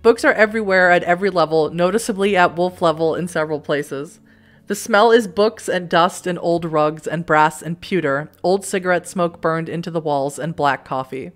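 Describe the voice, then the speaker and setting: A woman's voice: fairly low pitch, moderate pace. Giggly young woman reading a story game. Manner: giggly, self-mocking asides. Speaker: let's play host.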